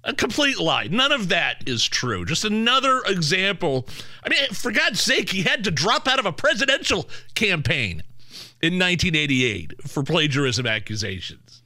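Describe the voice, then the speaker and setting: Scornful, bright-toned male co-host. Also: high-pitched, sing-song, normal speed, no room sound. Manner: scornful, blunt. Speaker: podcast co-host. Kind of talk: casual political commentary.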